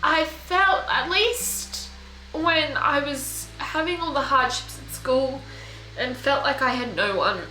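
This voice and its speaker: A young woman talks to her camera in a personal video diary, her voice tearful and halting. The tone is bright and somewhat high. The room sounds echoey, with faint music underneath. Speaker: vlogger.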